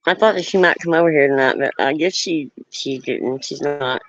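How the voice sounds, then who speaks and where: A livestream host talking casually and earnestly, pausing on ums and starting sentences over while standing firm on a personal point. The sound is dull and lo-fi, as from a home stream. The room is dry, with no echo. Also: mid-range voice, fairly bright tone. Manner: halting, many ums and restarts; earnest, firm about setting boundaries. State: nervous.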